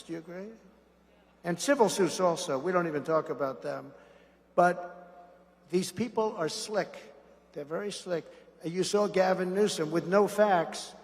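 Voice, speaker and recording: A man's voice: high voice, long reverb tail. Sarcastic man giving a rally speech. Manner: boastful and sarcastic. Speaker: political speaker.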